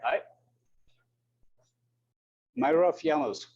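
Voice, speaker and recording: Husky man with an Austrian German accent. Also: fairly high pitch, extremely slow, a little mellow. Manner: hesitant, repeats words, apologetic. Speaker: university lecturer. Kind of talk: classroom lecture and roll call. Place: lecture classroom. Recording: dull lo-fi classroom recording.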